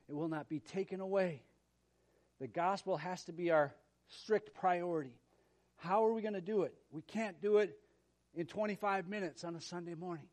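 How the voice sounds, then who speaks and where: A man, a pastor, preaching a sermon with emphatic, repeated phrases. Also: high voice. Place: church gym.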